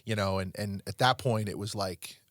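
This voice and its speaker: A man's voice: lowish voice, fairly even intonation, moderate pace, a bit bright, no room sound, clean studio sound. A middle-aged man hosting a podcast, telling stories in a rambling, earnest way with many restarts. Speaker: podcast host. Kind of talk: casual podcast chat.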